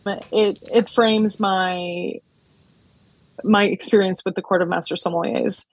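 American woman guest, 30s, husky edge, dry close mic, rambling friendly chat. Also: medium pitch, fairly even intonation, unhurried, dry recording. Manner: chatty, many fillers and restarts, laughs often. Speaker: sommelier and wine importer, guest. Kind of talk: casual podcast interview.

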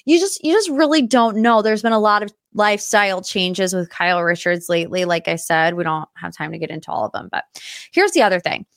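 A young woman talks through celebrity gossip in a chatty, animated way as host of a casual show. Her voice sits at a middle pitch. The recording is dry and close, with no room sound. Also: brisk, dry recording. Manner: chatty and animated, with dramatic asides. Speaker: podcast host. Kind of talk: casual pop-culture gossip chat.

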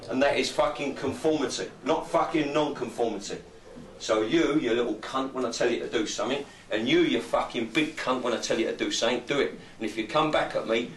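A man's voice: medium pitch, recorded from a distance, slight background noise. Furious swearing man, echoey archive clip. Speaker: football manager. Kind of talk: half-time team talk.

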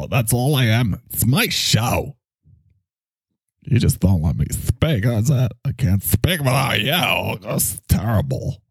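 A man's voice: medium pitch, breathy edge, dry recording, voice pushed up, full character voice. A man voicing a talking microphone, a dramatic and self-pitying co-host who lectures him.

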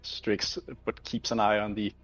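A man's voice: fairly low pitch, monotone, measured pace, dry recording, lo-fi sound, faint music behind. A man playing a tabletop game, hesitant and stammering. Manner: hesitant, stammering, bursts into loud in-character yells. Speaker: player. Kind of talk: casual tabletop play.

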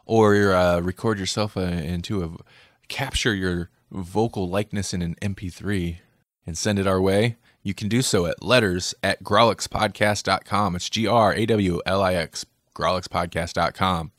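A man with a low voice chatting loosely as a podcast co-host, full of fillers and asides. The sound is dry and close. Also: fairly even intonation, moderate pace, a bit bright, dry recording. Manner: rambling, with lots of "like" and self-deprecating laughs. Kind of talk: casual chat.

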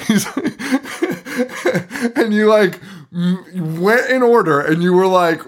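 Tired, swearing podcast host. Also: male voice, sits high, lively intonation, slow pace. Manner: profane, rambling, laughs often. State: tired, yawning. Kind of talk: casual chat.

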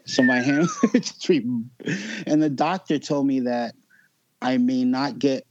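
A man's voice: mid-range voice, unhurried, dull audio, a little hiss or hum. Laid-back man swearing through a story. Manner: profane, laid-back, laughs often. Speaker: guest. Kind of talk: casual storytelling.

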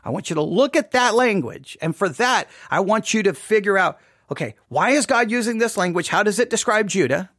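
A man leading an informal Bible study lesson, animated and questioning, acting out imagined objections. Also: high voice, a little fast, no room sound, studio quality.

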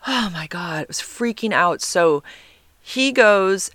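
A woman tells a personal story in a loose, rambling way. She restarts her sentences often and breaks into laughter along the way. Her voice sits at a middle pitch, and the recording is dry, with no room sound. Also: expressive, takes it slowly, a bit bright, dry recording.

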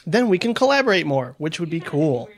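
A man's voice: on the high side, sing-song, a little fast. A man co-hosting a casual podcast chat, reading a listener letter aloud with laughing asides. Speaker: podcast co-host.

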